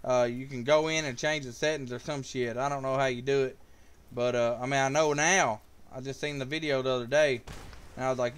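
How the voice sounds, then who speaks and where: A man with kids casually commentating his live-streamed card game, talking to chat with excitable, profane trash talk. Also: medium pitch, fairly quick, clear, resonant tone. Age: adult with kids.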